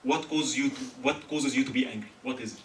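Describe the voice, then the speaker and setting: A man's voice: medium pitch, quick pace. A man from Egypt giving a humorous religious talk to a live audience, joking and quizzing listeners with questions. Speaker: speaker at a student religious gathering. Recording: echoey hall, mic far off, faint hiss.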